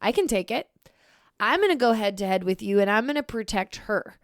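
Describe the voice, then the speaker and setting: Smooth-voiced woman telling a candid story. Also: medium pitch, animated, a little fast, no echo, studio quality. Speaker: podcast co-host. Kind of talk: casual conversation.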